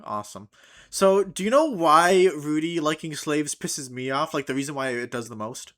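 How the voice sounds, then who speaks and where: A man with a notably high voice chats easily as a podcast co-host. He hedges his points with fillers and takes them slowly. His tone stays relaxed and conversational. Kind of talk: casual discussion.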